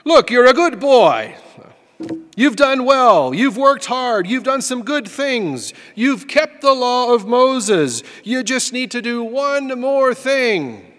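A man voicing Jesus as a kindly teacher who gently teases, in a folksy manner, during a sermon. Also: very animated, slow, long pauses, in a large hall, heavily acted. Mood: warm urging. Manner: higher, louder folksy voice.

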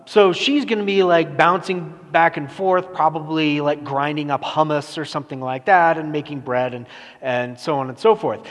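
Pastor with a fairly high voice in a reverberant hall. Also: male voice, a bit bright. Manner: casual, self-deprecating, many fillers and restarts. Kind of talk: conversational sermon. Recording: long reverb of a large hall.

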